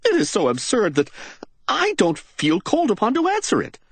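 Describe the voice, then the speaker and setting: Brief: distraught society wife, high quavering voice near sobs, voiced by a man narrating. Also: huge pitch swings, normal speed, no echo, heavily acted. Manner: high, trembling, near sobbing. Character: distraught young society wife, fragile and tearful.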